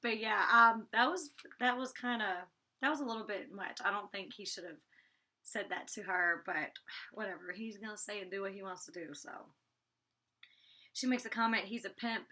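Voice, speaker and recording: With a mid-range, pushed and bright voice at a moderate pace, a former reality show cast member casually goes over an episode, restarting sentences and saying "like" constantly. Mid-recap, she talks to her dog.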